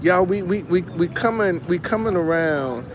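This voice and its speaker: A man's voice: sits high, animated, normal speed, noisy background. Man preaching casually outdoors. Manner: preachy, repeats phrases, frequent restarts. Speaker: online commentator. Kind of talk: casual motivational livestream talk.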